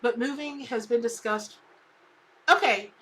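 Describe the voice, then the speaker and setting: A woman's voice: a little high, unhurried, pushed and bright. A woman hosting a live tarot stream, chatty and rambling as she calls viewers by name.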